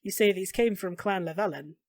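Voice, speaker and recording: A man's voice: sits high, a little fast, no echo. A woman voicing a stern older elf elder. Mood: grave. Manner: grave, accusing, formal. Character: tall bony older male elf keeper, stern.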